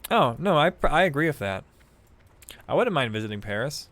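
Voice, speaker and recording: A man's voice: on the high side, very animated, a little fast, fairly bright tone. A man with a Midwestern American accent, chatting casually with viewers while streaming a game, rambling and swearing freely. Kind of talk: casual live-stream chat.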